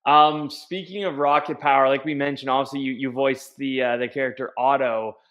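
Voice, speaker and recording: A man's voice: mid-range voice, steady tone, fairly quick, fairly bright tone. A man hosting a casual interview, reacting with enthusiasm and loose filler words. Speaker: podcast host.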